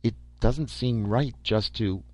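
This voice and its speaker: A man's voice: mid-range voice, slow, darkish tone, no room sound, lightly acted. A man reading an earnest, anxious admiral. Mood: troubled. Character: anxious male admiral, principled. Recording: dull lo-fi recording.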